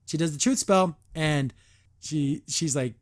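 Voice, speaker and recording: A man's voice: on the high side, unhurried. Exasperated man reviewing a cartoon. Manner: exasperated, sarcastic, acts out characters' lines. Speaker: podcast host reviewing a cartoon episode. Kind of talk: casual episode review.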